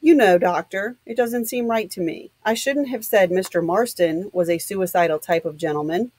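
A woman's voice: medium pitch, normal speed, darkish tone, no echo, natural voice. A woman reading as a blunt plainspoken man. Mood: doubtful. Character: blunt middle-aged male ex-policeman.

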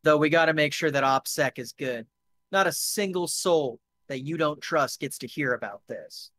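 A man doing a gruff, blunt fixer guy. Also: a little high, animated, moderate pace, a bit bright. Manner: gruff, blunt, swears freely.

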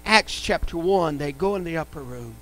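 A man's voice: on the high side, expressive, moderate pace, pushed and bright, rough recording. A man preaching a live church sermon, emphatic and repetitive, speaking in a church sanctuary. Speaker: pastor.

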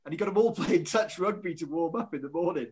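A man who referees rugby, telling lively anecdotes in casual chat, acting out quotes. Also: fairly high pitch, fast, background noise. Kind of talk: casual storytelling.

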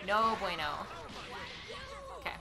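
A woman streaming a fighting game, talking to herself, swearing, and swinging from low mutters to excited yelling. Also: takes it slowly. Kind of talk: casual gameplay commentary. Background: game music.

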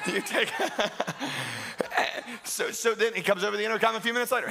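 Animated, bright-voiced male pastor preaching. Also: high voice, a little slow, vocal fry, pauses often. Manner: animated storytelling with self-mocking humor and laughs; acts out quoted voices. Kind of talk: sermon.

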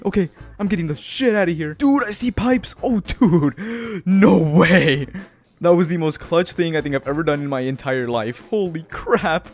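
Jittery swearing young-sounding gamer guy. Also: a little high. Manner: jittery, swears often, keeps saying dude and bro. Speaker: gaming channel host. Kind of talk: let's-play commentary.

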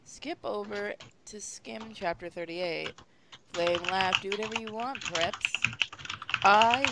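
Woman, dry sarcastic reading, mid pitch, keyboard clicks behind. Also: very noisy. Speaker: reader. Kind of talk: comedic reading of fan fiction.

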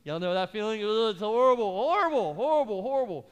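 A pastor preaching a sermon, telling a comic story with acted-out voices before turning calm and earnest. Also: male voice, high-pitched, fast talker, clear, resonant tone. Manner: animated storyteller, acts out voices, later calm and earnest in prayer. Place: large church auditorium. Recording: live church hall reverb with faint music.

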